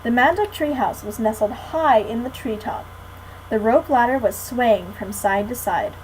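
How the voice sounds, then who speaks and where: A teenage girl reads a children's chapter book aloud to a class. She keeps a friendly, clear read-aloud manner, and her voice sits fairly high. A faint hiss runs under the recording. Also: moderate pace, a little mellow, rough recording. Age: teens. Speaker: guest reader.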